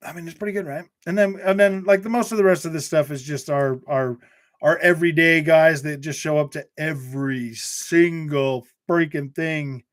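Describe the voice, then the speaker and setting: A man's voice: fairly high pitch, steady tone, normal speed. A man hosting a casual gaming live stream, reading and answering viewer comments with jokes, laughter and lots of restarts. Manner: chatty, joking, many restarts and fillers; laughs often. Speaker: gaming channel host reading live chat.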